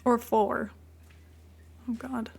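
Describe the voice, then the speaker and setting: Chatty woman streamer, slightly high voice. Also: little pitch movement, drawn-out words, vocal fry, darkish tone, husky. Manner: chatty, rambling, coos at her cat. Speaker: game streamer. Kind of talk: casual livestream chat.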